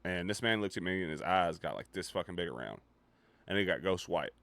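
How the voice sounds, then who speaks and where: A young man streaming live, telling a story casually and profanely, dropping his voice low and quiet for suspense. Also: expressive, fairly quick, gravelly, dry recording. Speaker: livestreamer.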